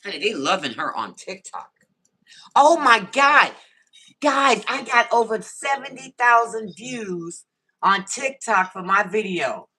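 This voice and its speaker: A woman's voice: mid-range voice, very animated, a little slow, pushed and bright, husky. A woman hosting a casual livestream, greeting viewers by name and answering the chat on her phone. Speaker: livestream host.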